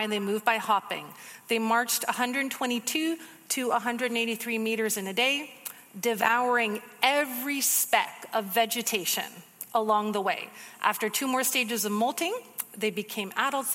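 A woman giving a casual, conversational sermon, teaching from a book of the Bible with quick asides. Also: on the high side, a bit bright, in a large hall.

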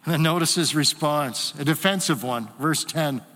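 A man preaching a sermon in a church hall, animated and acting out the voices he quotes. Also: fairly high pitch, moderate pace. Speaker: pastor. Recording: long hall reverb.

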